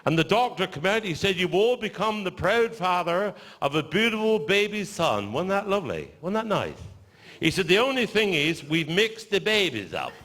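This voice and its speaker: A man's voice: high-pitched, fairly bright tone. An older man with a Cornish accent, telling earthy, swear-filled comic stories on stage and putting on voices for the people in them. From Cornwall. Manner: broad earthy storytelling, swearing, acting out voices. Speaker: stand-up comedian. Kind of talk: stand-up storytelling to a live audience.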